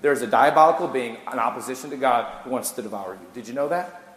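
A man preaching a sermon, his delivery swinging between hushed intensity and loud, lively storytelling. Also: medium pitch, fast. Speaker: pastor. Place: church sanctuary. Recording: echoey church hall.

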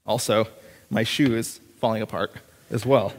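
A man preaching a sermon, reading scripture and retelling the story with lively storytelling. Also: on the low side, moderate pace, in a large hall, slight background noise. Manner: storytelling, animated when retelling scenes.

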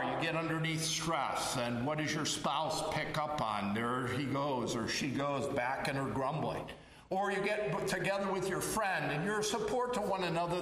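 Slow-preaching man in an echoey hall. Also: fairly high pitch, a bit bright, recorded from a distance, slight background noise. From Chicago area. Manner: slow, measured preaching with frequent "uh" pauses. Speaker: pastor. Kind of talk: sermon.

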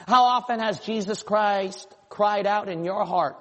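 High-voiced preacher in a reverberant church. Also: male voice, a little slow, fairly bright tone. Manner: impassioned preaching, voicing imagined listeners. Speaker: pastor. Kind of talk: sermon.

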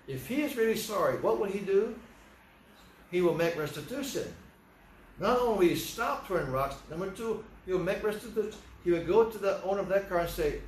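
A man's voice: a little high, a little hiss or hum. A man preaching a sermon as pastor, telling stories and briefly acting out the voices in them. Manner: animated storytelling, acts out quoted voices. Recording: echoey room, voice from far off.

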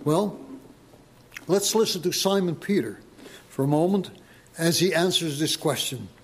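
A man preaching a sermon to his congregation, slow and deliberate, pressing his listeners with emphatic questions. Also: on the high side, animated, slightly rough. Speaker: pastor.

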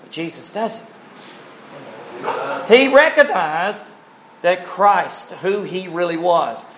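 Slow, earnest male preacher. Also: high voice, lively intonation, fairly bright tone, a little hiss or hum. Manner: slow, earnest, heartfelt preaching with emphatic rises; clears throat now and then. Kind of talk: sermon.

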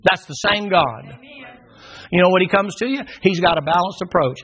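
Husky preacher, folksy and emphatic. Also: male voice, a little high, fairly quick, fairly bright tone. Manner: folksy and emphatic, repeats phrases for force. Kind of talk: sermon. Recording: dull lo-fi sound.

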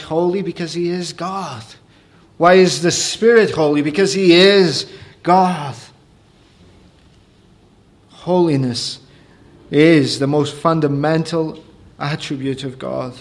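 Man preaching a sermon, slightly high voice. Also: fairly even intonation, takes it slowly, long pauses. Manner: builds from quiet explanation to raised, emphatic preaching.

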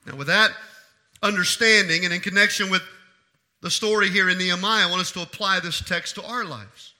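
Bright-voiced emphatic male preacher. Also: high-pitched, steady tone, fairly quick. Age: adult. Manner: emphatic preaching with repeated phrases; swings from hushed to loud. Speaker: pastor. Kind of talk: sermon.

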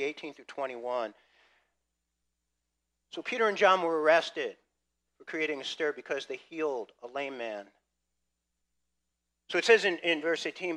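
Lively male pastor preaching. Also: a little high. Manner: lively, swings between loud emphasis and quiet asides. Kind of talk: sermon.

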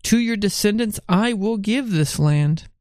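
A middle-aged man, a father, leading a morning devotion at home, gently coaxing a small child and reading scripture aloud. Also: high-pitched, lively intonation, unhurried, no echo, clean studio sound. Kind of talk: casual devotional chat with Bible reading.

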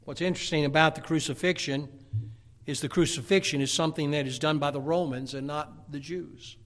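Preacher, male, high tenor, sermon delivery that shifts between loud emphasis and hushed tones. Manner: reads scripture verses aloud.

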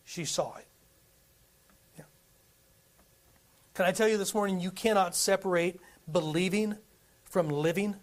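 Preaching with animation, this man reads passages of scripture aloud and poses plenty of rhetorical questions to his congregation. He has a high voice and speaks unhurriedly, pausing often.

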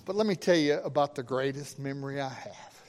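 A middle-aged man, a pastor, telling a folksy story in a sermon with animated quoted voices. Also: medium pitch, a little fast. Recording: long reverb of a hall.

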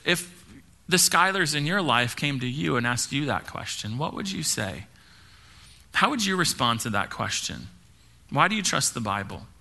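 A young adult man preaching a sermon at a live-streamed church service, from the United States, talking fast and often restarting and repeating words. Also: fairly high pitch, sharp tone. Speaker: pastor.

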